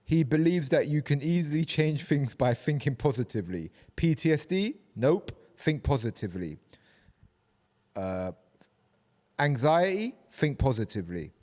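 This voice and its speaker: A man's voice: fairly high pitch, normal speed. Blunt, swearing male podcast co-host. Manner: swears a lot, blunt, animated storytelling. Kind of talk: casual comedic chat. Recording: long hall reverb.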